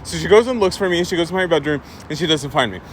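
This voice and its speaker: A man from Egypt telling a story in a chatty, animated way, filling his speech with "like" and "right?". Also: fairly high pitch, racing, a little hiss or hum. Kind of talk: casual storytime vlog.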